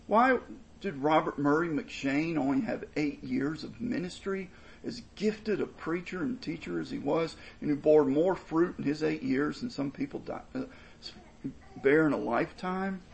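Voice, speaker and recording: A man's voice: fairly high pitch, normal speed, gravelly, low-quality recording. A man preaching a sermon, explaining scripture in an earnest, emphatic way with frequent repetition. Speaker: pastor.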